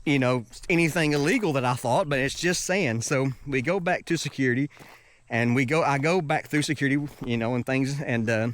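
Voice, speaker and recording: A man's voice: medium pitch, a little fast, a bit bright. A man telling a travel story in a casual, rambling way, with many restarts. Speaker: travel vlogger.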